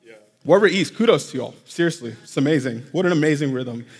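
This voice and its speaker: A pastor with a fairly high, creaky, husky voice preaches fast and animatedly, chatting directly with his congregation. The recording carries the long reverb of a church hall.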